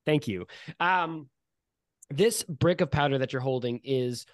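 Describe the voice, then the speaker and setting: A man's voice: mid-range voice, a little slow, no echo, studio quality. A man running a tabletop game as game master, describing scenes in a casual, filler-heavy way. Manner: casual, laid-back descriptions with many fillers.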